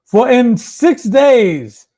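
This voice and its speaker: A man reading Bible verses aloud in a slow, deliberate way during a study session. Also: very high voice, big pitch swings, dark tone. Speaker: scripture reader.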